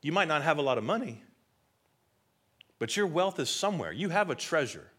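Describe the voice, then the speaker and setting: A man's voice: on the high side, big pitch swings, a little fast, a bit bright, slightly rough. A man preaching a sermon in an emphatic, conversational way, often putting rhetorical questions to his listeners. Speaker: pastor.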